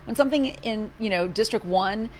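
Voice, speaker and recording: A woman, a county commissioner, chatting casually in her office hours, animated, a little sarcastic, often restarting her sentences. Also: medium pitch, a little fast. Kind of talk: casual chat.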